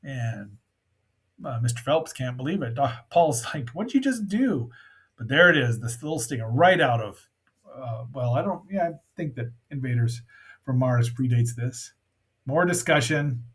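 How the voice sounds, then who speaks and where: A man's voice: medium pitch, moderate pace, a bit bright, slightly rough. A man hosting a casual review of an old film, rambling and chatty with many fillers and asides. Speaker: movie reviewer host.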